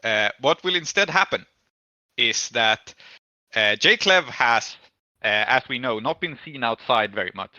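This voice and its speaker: Bright-voiced man running a tabletop game. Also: medium pitch, no room sound, highs cut off. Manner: measured, thinking aloud with pauses. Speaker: game master.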